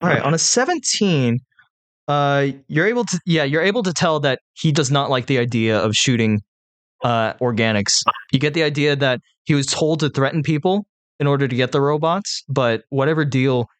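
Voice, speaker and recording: A man's voice: mid-range voice, normal speed, no echo. A man narrating as game master of a tabletop game, talking casually and loosely with lots of fillers.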